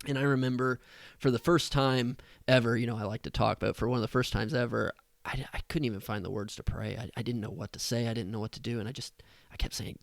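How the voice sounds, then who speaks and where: A man's voice: medium pitch, quick pace, vocal fry, dry recording. A man who is an associate pastor, a guest on a podcast, earnestly sharing a personal story in conversation. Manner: earnest, heartfelt, speaks openly about emotion.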